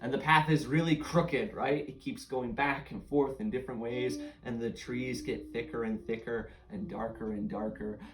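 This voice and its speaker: A woman's voice: very deep voice, fairly even intonation, moderate pace, few pauses, reverberant, soft background music. A woman running a playful, interactive story game for children, coaxing them along and laughing often.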